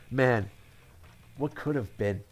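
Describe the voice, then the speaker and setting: A man from Connecticut telling one-liner jokes, chuckling at his own punchlines and commenting offhandedly on them. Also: medium pitch. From Connecticut, USA. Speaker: comedian.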